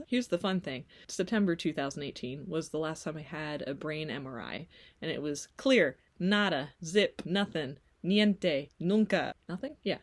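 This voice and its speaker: A woman's voice: deep voice, animated, moderate pace. A woman vlogging casually at home, chatty and playful, often laughing and drifting off on tangents. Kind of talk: casual talk to camera.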